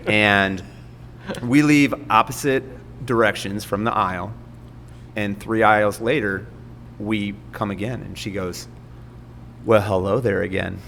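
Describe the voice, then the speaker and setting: A man's voice: fairly low pitch, unhurried, a bit bright, in a large hall, slight background noise. A man, a podcast guest, telling a story in a self-mocking way and laughing often. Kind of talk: casual storytelling.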